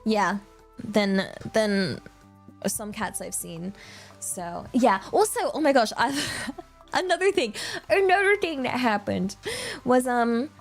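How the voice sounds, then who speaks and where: A woman's voice: fairly high pitch, lively intonation, slow pace, soft background music. A young woman with a British accent chatting casually on a livestream, rambling with lots of filler words and laughter. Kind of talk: casual stream chat.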